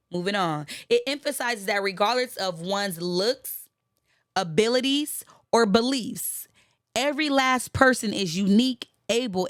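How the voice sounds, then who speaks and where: Emphatic, fast-talking woman motivational speaker. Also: fairly high pitch, a bit bright, no room sound, clean studio sound. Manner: fast, emphatic, repetitive call-and-response with the audience. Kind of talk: preaching-style motivational talk.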